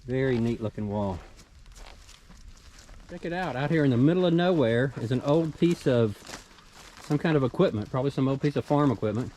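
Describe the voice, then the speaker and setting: A man's voice: medium pitch, animated, fairly quick, pauses often, warm tone, a little hiss or hum, poor audio. A middle-aged man with a Southern US accent, casually narrating a forest hike and pointing out things he finds along the trail. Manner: easygoing, enthusiastic about small finds. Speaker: hiking vlogger.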